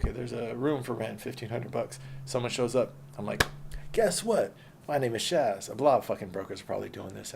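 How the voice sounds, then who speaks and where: Gravelly profane man ranting. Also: lowish voice, a little mellow, a little hiss or hum. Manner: profane, combative, mocking. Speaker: vlogger. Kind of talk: unscripted rant.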